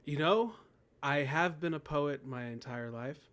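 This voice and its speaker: A man's voice: fairly high pitch, a little slow. A man in his thirties, a guest in an interview, telling a personal story in a casual way, often laughing and quoting his own thoughts. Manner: laughs often, animated storytelling with quoted inner voices. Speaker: guest, poet and death doula.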